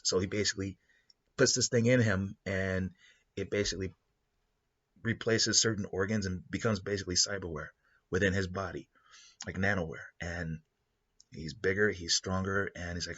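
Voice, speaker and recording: A man hosting a show, talking through a story idea in a rambling, animated way. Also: deep voice, normal speed, slightly rough, lo-fi sound. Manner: rambling, animated, with many restarts. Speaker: host. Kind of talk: casual spoken storytelling.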